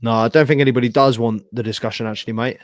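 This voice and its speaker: A young man hosting a live football reaction stream, casual and sweary, his voice hoarse from shouting. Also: mid-range voice, steady tone, rapid-fire, dry recording, studio quality. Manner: casual, sweary, slangy, talks to chat. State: losing his voice. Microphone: streaming setup with camera.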